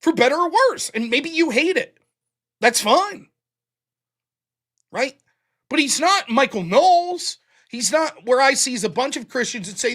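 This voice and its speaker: A man's voice: very high voice, lively intonation, a little slow, pauses often, fairly bright tone. A man hosting a livestream commentary show, talking bluntly and swearing freely. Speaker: host.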